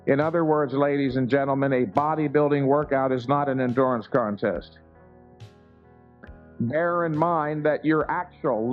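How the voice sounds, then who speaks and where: A man giving a live seminar lecture to an audience, emphatic and full of rhetorical questions, recorded on a lo-fi tape of a seminar room. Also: mid-range voice. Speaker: seminar speaker. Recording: dull lo-fi 1990s seminar tape with faint music.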